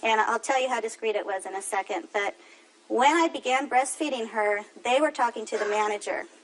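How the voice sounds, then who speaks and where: Earnest, animated woman testifying in court. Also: fairly high pitch, a little fast, low-quality recording. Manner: earnest, animated storytelling that acts out quotes. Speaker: defendant on a court show. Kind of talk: testimony, retelling events.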